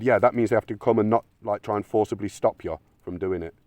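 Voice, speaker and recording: A man's voice: on the low side, quick pace, few pauses, warm tone, no echo. A man giving a blunt, argumentative monologue, swearing often. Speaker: channel host. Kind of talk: opinionated monologue.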